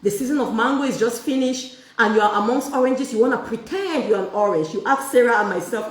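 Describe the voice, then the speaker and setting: Woman, faith group leader, sermon-style teaching, rhetorical questions, high-ish voice, roomy echo. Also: fast. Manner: rhetorical questions and call-and-response. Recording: echoey room, voice far from the mic.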